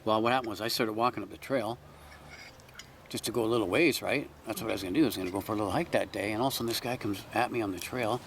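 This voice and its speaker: A man in a casual chat who tells field stories in an animated way and acts out the voices of the people he quotes. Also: fairly low pitch, rapid-fire, slight background noise. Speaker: Sasquatch researcher.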